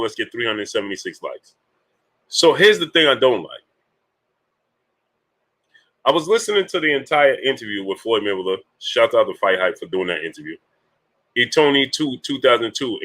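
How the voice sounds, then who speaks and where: A man's voice: medium pitch, moderate pace, bright, forceful tone, poor audio. A man hosting a casual boxing talk livestream, greeting viewers by name between his points, with many fillers.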